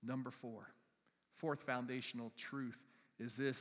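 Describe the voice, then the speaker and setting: A man's voice: mid-range voice, normal speed, fairly bright tone. A male pastor preaching a sermon, his voice rising and dropping for emphasis. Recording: long hall reverb.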